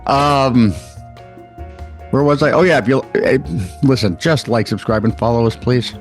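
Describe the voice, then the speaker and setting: A man's voice: medium pitch, unhurried, soft background music. An older man co-hosting a comedy news show who rambles, loses his place and mocks himself as he fumbles words. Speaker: co-host.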